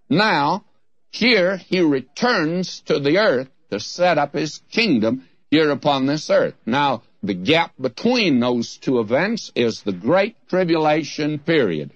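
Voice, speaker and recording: A man's voice: mid-range voice, no echo. A man preaching in a folksy, storytelling way, teaching from the Bible with emphatic points. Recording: dry, slightly dull lo-fi recording.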